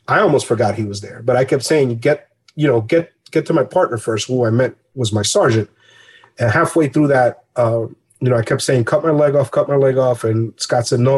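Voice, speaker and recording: A former police officer recounting a rescue in halting, earnest personal testimony, pausing often mid-sentence. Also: male voice, mid-range voice, a little mellow, slightly rough.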